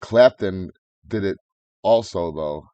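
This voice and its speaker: Deep, mellow man in crude banter. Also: slow, a little hiss or hum. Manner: crude, joking, puts on silly voices. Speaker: podcast co-host. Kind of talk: casual profane banter.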